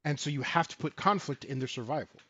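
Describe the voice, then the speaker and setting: A man co-hosting a casual show about tabletop games, talking in an animated, profane way and acting out lines of quoted characters. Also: fairly high pitch, fast, slightly rough, no echo, highs cut off. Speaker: podcast co-host. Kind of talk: casual tabletop game talk.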